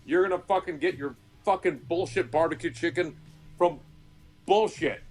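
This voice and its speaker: A man who is drinking, ranting loudly and swearing nonstop as a regular guest on a podcast. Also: fairly high pitch, moderate pace, faint music behind. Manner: loud, swearing nonstop, rambling. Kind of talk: profane comedic rant.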